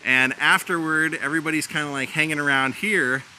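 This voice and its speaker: A man's voice: on the high side, fairly even intonation, fairly quick, bright, forceful tone, a little hiss or hum. A man giving a casual tour of film locations outdoors, chatting and laughing as he retells scenes. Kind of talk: casual vlog narration.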